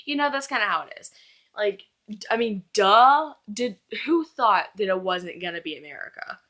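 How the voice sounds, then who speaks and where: Young woman gushing about a book, rambly fangirl chat, middle-pitched voice. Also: lively intonation, normal speed, a bit bright. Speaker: book reviewer. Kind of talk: casual chat.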